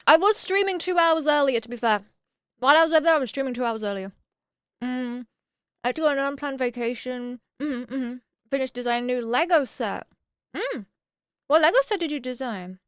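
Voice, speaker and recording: A fairly high-voiced woman chats casually on a stream, reading out viewer messages and replying to each. She breaks into excited exclamations now and then. Her voice sits close and dry on a desk mic. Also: fairly quick, clean tone, no echo. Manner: chatty, reads viewer messages aloud and answers them.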